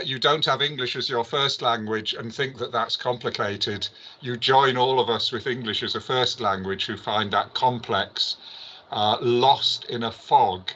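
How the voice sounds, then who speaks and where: A man speaking at an academic conference, hesitant and pausing often on filler sounds. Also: medium pitch, fairly even intonation, sharp tone, lo-fi sound. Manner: hesitant, many filler pauses.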